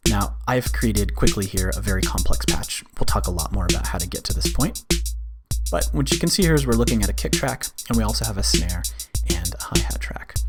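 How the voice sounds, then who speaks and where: In a lowish voice, a man walks through a screen-recorded music software tutorial step by step. He keeps it relaxed and leans on frequent fillers.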